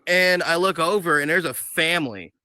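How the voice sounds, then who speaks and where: A young man telling a crude story in casual podcast chat, swearing often and animated. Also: fairly high pitch, moderate pace, dry recording. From Ohio. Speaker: podcast co-host.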